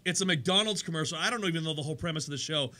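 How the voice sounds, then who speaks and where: A man hosting a sports radio show in a studio, chatty and energetic, his voice worn from days of talking. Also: a little high, rapid-fire. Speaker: radio show host and pastor. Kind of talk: casual sports radio chat.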